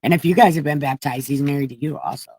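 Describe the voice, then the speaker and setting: A woman's voice: low-pitched, fast, darkish tone, slightly rough, no room sound, poor audio. A woman reading the Bible on a livestream in a comedic, casual way, irreverent and profane, chatting with viewers.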